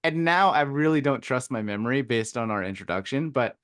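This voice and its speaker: A man hosting a podcast in a casual, thoughtful way, pausing and searching for his words. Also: medium pitch, lively intonation, a bit bright, smooth, dry recording, clean studio sound. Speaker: podcast host.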